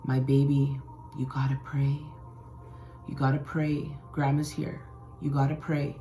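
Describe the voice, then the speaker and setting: A woman softly voicing her late grandmother's spirit, urging her to pray. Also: deep voice, steady tone, takes it slowly, faint music behind. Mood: pleading.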